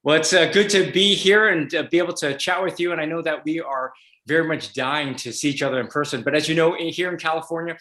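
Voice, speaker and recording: A man's voice: fairly high pitch, quick pace, sharp tone, roomy sound. A man hosting a video interview as a legislator, upbeat and reading an introduction with some fillers. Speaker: host, state legislator.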